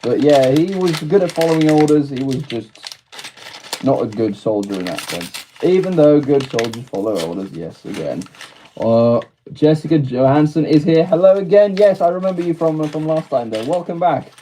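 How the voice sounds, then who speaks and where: A man's voice: fairly high pitch, lively intonation, moderate pace, warm tone, a little hiss or hum. A British man chatting casually on a live stream, laughing often and answering his chat as he goes.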